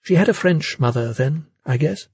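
A man voicing a fragile, hospitable middle-aged woman who talks in a gentle, welcoming way. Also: sits low, lively intonation, moderate pace, slightly rough, dry recording, studio quality, voice pushed up, heavily acted. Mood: curious. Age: 40s.

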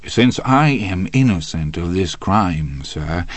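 A man voicing a calm, reserved male defendant who answers in a quiet, measured way. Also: sits low, no room sound.

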